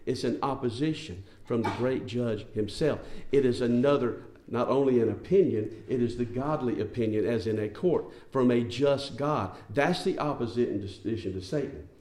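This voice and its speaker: A man delivers a sermon in an emphatic, conversational manner, often asking his listeners rhetorical questions. His voice is mellow and sits at an ordinary pitch. The room gives it a noticeable echo. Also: normal speed, few pauses. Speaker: preacher.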